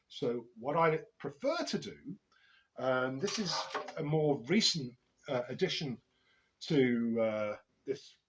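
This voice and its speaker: Brief: male drum teacher, mid-pitched voice, measured and explanatory. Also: rough recording. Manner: measured, explanatory, with frequent filler "uh". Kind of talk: instructional drum lesson.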